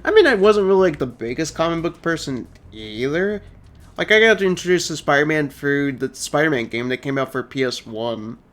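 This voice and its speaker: A man's voice: fairly high pitch, lively intonation, moderate pace, fairly bright tone. Chatty young streamer guy. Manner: chatty, rambling, reads out chat. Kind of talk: casual let's-play commentary.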